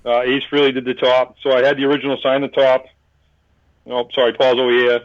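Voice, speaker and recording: A man's voice: medium pitch, flat delivery, fast talker, dry recording, dull audio. A man from New England, a podcast guest, telling a long story in a rambling way, with many restarts and acted-out bits of other people's lines. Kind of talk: casual storytelling.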